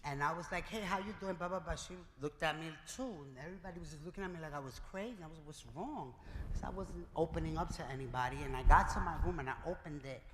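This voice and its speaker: A man giving a keynote speech, telling his own story in a lively way and acting out the dialogue. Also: on the high side, fast, a crowd in the background. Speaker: keynote speaker. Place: event hall before a live audience. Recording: reverberant hall with clear noise.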